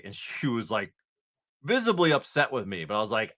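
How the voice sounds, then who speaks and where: A man's voice: on the low side, big pitch swings, brisk, bright, forceful tone. A man hosting a casual livestream, rambling through stories full of "like" while opening trading cards. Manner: rambling storyteller, lots of "like".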